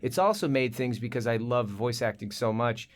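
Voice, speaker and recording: An animated male voice actor chatting as a guest, mid-pitched and conversational. He tells stories eagerly and drops into little voices and impressions. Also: normal speed. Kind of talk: casual interview chat.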